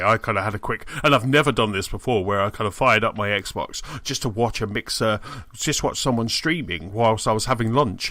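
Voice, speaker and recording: A man's voice: lowish voice, bright, forceful tone, dry recording. A man co-hosting a gaming podcast, chatting casually and enthusiastically with frequent restarts. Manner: enthusiastic, rambling with many restarts. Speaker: podcast co-host. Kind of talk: casual chat.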